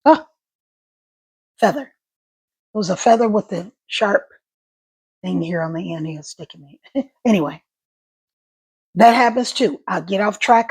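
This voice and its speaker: A middle-aged woman talking casually to camera about life after a stroke, in halting speech that repeats words, her voice catching and crackling. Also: mid-range voice, gravelly, husky. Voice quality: voice catches and crackles when emotional. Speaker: stroke survivor vlogger.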